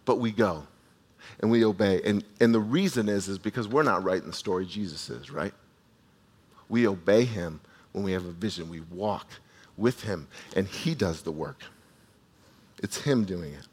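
A man preaching a sermon, retelling a scripture story in a conversational, animated way with asides to the listeners and frequent restarts. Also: sits low, moderate pace, pauses often, breathy edge. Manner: restarts and repeats words while speaking. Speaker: pastor.

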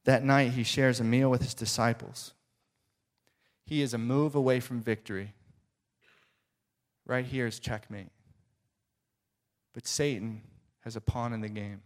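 A male preacher telling a story in a dramatic sermon, often dropping to soft, hushed tones. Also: medium pitch, steady tone, unhurried, pauses often.

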